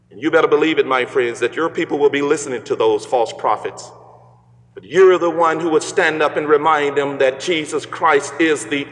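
A male pastor delivering a sermon with slow, emphatic phrasing that rises into exclamations. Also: a little high, a bit bright, big-room sound.

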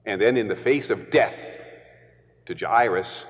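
A man preaching a sermon, stressing points through deliberate repetition. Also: fairly low pitch, in a large hall.

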